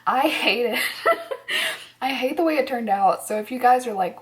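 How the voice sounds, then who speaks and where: A woman's voice: a little high, expressive, measured pace, pauses often, fairly bright tone. A tired woman vlogging at home in casual chat, rambling, laughing often and dropping to near-whispers.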